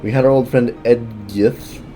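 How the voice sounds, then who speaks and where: A man's voice: medium pitch, steady tone, unhurried, dark tone, soft background music, natural voice. A man reading a chatty villager's game dialogue aloud in a plain voice, with small stumbles.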